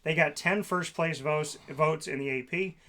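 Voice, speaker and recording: A man's voice: on the high side, moderate pace, pushed and bright. A man co-hosting a casual sports talk show, sarcastic and ranting about team rankings.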